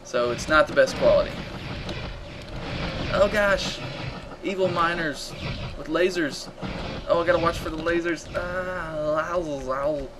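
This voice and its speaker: A man hosting a live game stream, chatting casually and reacting loudly to the action while reading viewer comments aloud. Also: a little high, unhurried, noisy background.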